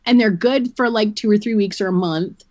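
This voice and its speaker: A woman's voice: medium pitch, normal speed, darkish tone, dry recording, muffled recording. Earnest woman explaining with analogies. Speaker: podcast guest. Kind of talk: candid personal account.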